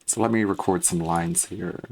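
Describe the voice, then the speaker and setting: A man's voice: fairly low pitch, big pitch swings, normal speed, creaky, darkish tone. A man streaming live, chatting casually and muttering asides to himself. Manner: laid-back, mumbling asides to himself.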